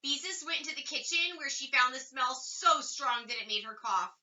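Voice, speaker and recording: A woman reading a children's chapter book aloud with expressive, varied emphasis. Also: sits high, moderate pace. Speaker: reader. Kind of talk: storybook read-aloud. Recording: slightly distant dull lo-fi recording.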